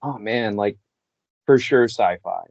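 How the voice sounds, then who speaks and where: A man's voice: lowish voice, takes it slowly, gravelly, darkish tone, no room sound, dull audio. A man who works as a voice actor and actor, a guest chatting in an easygoing, laid-back way and laughing often. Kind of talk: casual interview chat.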